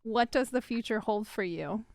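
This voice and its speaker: A woman's voice: on the high side, moderate pace, darkish tone, dry recording, clean studio sound. A woman hosting a casual interview, bubbly and playful, laughing often. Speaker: interview host.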